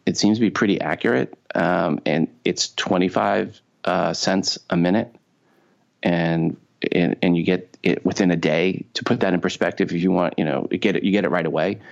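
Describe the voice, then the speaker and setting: A podcast co-host from Long Island, New York, with a New York accent and a low, gravelly voice, chats casually, repeating words and tossing in sarcastic asides. The sound is dull and lo-fi.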